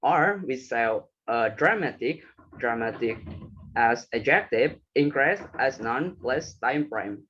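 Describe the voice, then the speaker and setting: A man's voice: medium pitch, expressive, slow, fairly bright tone, dull audio, a little hiss or hum. A young man giving a class presentation, reading from slides with some hesitant fillers. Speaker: student presenter.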